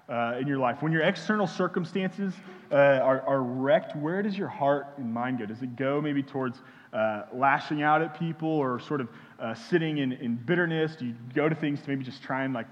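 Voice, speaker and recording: Halting young man preaching in a hall. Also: medium pitch. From Houston, Texas. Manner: halting, many fillers and restarts. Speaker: pastor. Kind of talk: sermon. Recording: dull sound in a reverberant hall.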